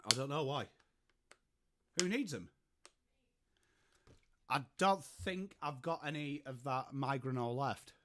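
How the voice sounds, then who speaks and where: A man's voice: medium pitch, takes it slowly, long pauses, bright, forceful tone, slight background noise. A man with an English accent hosting a casual football watchalong livestream, chatting and swearing while answering viewers in chat. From England. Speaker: livestream host. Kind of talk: casual live-stream chat.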